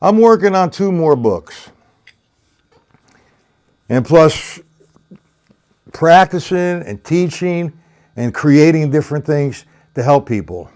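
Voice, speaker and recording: Chatty drum teacher, lively voice. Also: male voice, on the high side, slow pace, long pauses. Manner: chatty, talks straight to viewers by name; counts rhythms aloud while demonstrating. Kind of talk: live-streamed lesson, answering chat.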